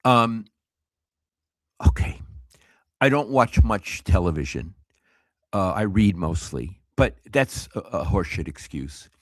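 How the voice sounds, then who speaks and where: Blunt eighty-year-old man, lively pitch. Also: slow, long pauses, dry recording. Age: 80s. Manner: blunt, swears, animated. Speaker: co-host, veteran sportswriter. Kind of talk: casual sports talk.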